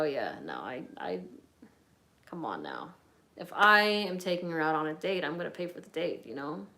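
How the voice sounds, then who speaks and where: A woman's voice: fairly low pitch, a bit bright. A woman fragrance reviewer answering chat questions on a casual live stream, playful and teasing, swearing now and then.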